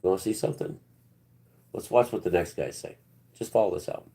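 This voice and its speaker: A man in his fifties with a very low voice talks loosely to his livestream chat. He wanders from point to point and often drops into quiet mutters. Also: brisk. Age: 50s. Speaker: livestream host. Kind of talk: rambling live-stream chat with viewers.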